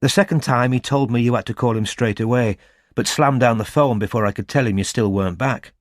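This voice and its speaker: A man's voice: mid-range voice, a little fast, no room sound, clean studio sound, lightly acted. A man voicing an eager young female office secretary who asks anxious, breathless questions. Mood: flustered.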